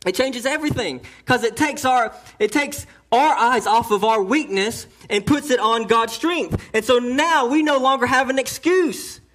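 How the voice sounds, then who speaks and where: High-voiced emphatic preaching man. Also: moderate pace, hardly any pauses. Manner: emphatic preaching that swings from hushed to loud; restarts phrases while building a point. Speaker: pastor. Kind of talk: sermon. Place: church.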